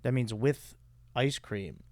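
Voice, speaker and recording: A man's voice: medium pitch, lively intonation, takes it slowly, a little mellow, dry recording. A man hosting a podcast, chatting casually and rambling with many fillers into a close mic. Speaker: podcast host. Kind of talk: casual comedic chat.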